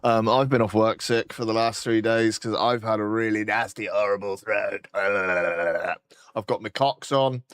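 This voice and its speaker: Hoarse British man streaming, sweary and rambling. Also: lowish voice, steady tone, unhurried. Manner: sweary, rambling, clears throat often. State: hoarse from a sore throat. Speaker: game streamer. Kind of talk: casual live-stream chat.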